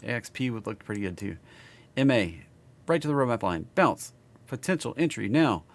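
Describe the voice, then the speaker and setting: A man's voice: mid-range voice, very animated, normal speed. A man with a Southern accent, casually reading stock charts on a live stream and chatting with viewers.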